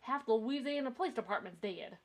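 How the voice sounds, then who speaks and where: A woman's voice: a little high, expressive, brisk. A woman co-hosting a podcast, chatting casually while they watch a movie, blunt, laughing often and swearing freely. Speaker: podcast co-host.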